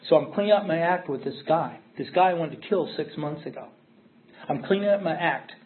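A middle-aged man gives a candid recovery-meeting share, pressing his points by repeating them. His voice sits a little high for a man. The audio is thin and narrow, as if heard over a telephone line. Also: a little fast. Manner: candid, emphatic storytelling with repeated phrases. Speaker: recovering alcoholic sharing his story. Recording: tinny phone-like audio.

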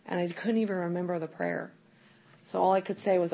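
A woman's voice: on the low side, fairly even intonation, fairly quick. A middle-aged woman candidly telling her recovery story as personal testimony, rambling with many fillers. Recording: dull lo-fi sound with faint background noise.

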